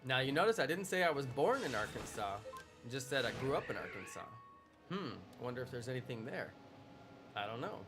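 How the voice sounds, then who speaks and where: A man's voice: mid-range voice, big pitch swings, a little fast. A young man live streaming, chatting casually with his audience in a playful, teasing way. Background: background music.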